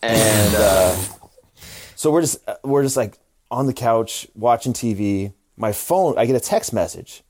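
A man's voice: mid-range voice, lively intonation, measured pace, a little mellow. A married man co-hosting a podcast, telling a story in laid-back casual chat, with frequent swearing. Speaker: podcast co-host.

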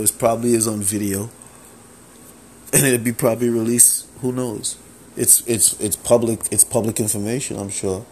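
A man hosting a solo podcast, talking casually, animated and profane, with lots of filler phrases. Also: lowish voice, a little hiss or hum. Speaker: podcast host.

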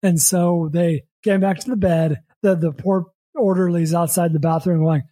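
An American man, a podcast host, telling a long story in casual chat, rambling and repeating words, acting out quick quotes. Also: fairly high pitch, fairly even intonation, warm tone, no room sound.

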